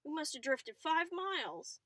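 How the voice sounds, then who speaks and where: A woman's voice: high-pitched, very animated, measured pace, pushed and bright, no room sound, pitched above the performer's own voice, heavily acted. A woman reading the lines of flustered, stranded male boaters in a storybook, close to her own voice.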